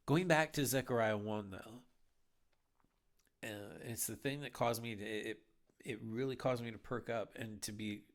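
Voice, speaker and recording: An American man hosts a Bible podcast, giving earnest teaching in a heartfelt, urging way. His mid-range voice moves at a measured pace.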